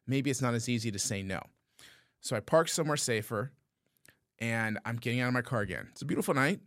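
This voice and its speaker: A man on a podcast recounts a story at a relaxed conversational pitch and keeps checking in with "okay?". He acts out both sides of the exchange. The sound is dry and close, with no room around it. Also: no echo. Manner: animated storyteller, frequent "okay?" asides. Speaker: podcast co-host. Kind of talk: casual storytelling.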